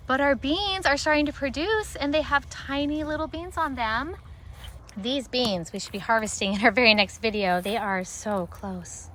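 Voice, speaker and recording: A woman giving a casual, chatty walking tour of her vegetable garden outdoors. She talks in an excitable, rambling way. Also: on the high side, slight background noise. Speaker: homesteading garden vlogger.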